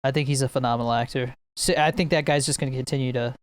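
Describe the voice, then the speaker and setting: A man's voice: medium pitch, steady tone, fast. A young man chatting casually on a podcast, rambling about movies with lots of laughs and playful impressions. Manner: rambling, laughs a lot, mimics movie scenes. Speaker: podcast co-host. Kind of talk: casual chat between friends.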